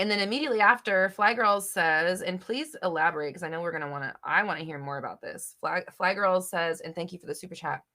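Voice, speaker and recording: A young woman hosting a live chat, reading viewer questions and answering bluntly, with swearing and bursts of loud exasperation. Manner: blunt, swears, swings between low murmur and loud exasperation.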